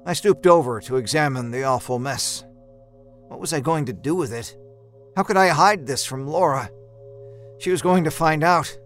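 A male storyteller reading a first-person horror story in a tense, often hushed voice that breaks into sudden shouts. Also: a little high, moderate pace. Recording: narration with a faint music score.

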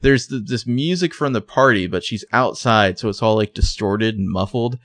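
A man's voice: lowish voice, normal speed, fairly bright tone, no room sound. A man co-hosting a podcast, talking loosely with lots of fillers and blunt opinions in casual chat. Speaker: podcast co-host.

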